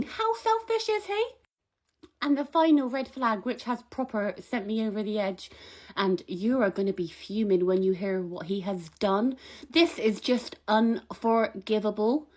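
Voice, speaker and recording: Young woman, high voice, gossipy comic rant to camera, indignant and rambling. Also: animated, a little slow, darkish tone. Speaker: comic vlogger.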